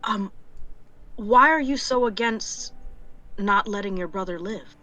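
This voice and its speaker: A woman voicing a timid young royal advisor who speaks quietly and hesitantly. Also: medium pitch, a little slow.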